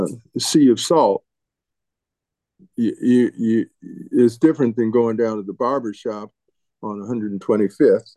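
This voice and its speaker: An older man reminiscing as an interviewee, halting and often restarting and repeating his words. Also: on the low side, dark tone, dry recording. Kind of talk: reminiscing storytelling.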